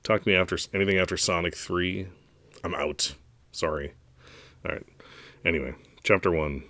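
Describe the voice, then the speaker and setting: Man, very deep voice, casual podcast host, laid-back, dry close sound. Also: normal speed, sharp tone, no room sound. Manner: laid-back, self-deprecating, chuckles easily. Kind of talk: casual podcast reading listener fan fiction.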